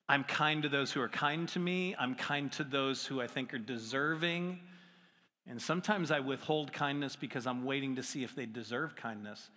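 A man's voice: on the high side, sharp tone. A middle-aged man preaching a sermon in a conversational, self-deprecating way with playful asides. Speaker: pastor. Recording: long hall reverb with faint music.

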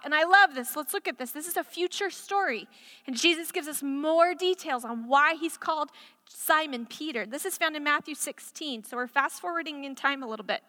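A woman's voice: high-pitched, normal speed, sharp tone, in a large hall. A woman preaching a sermon in a chatty, conversational storytelling way, full of casual asides.

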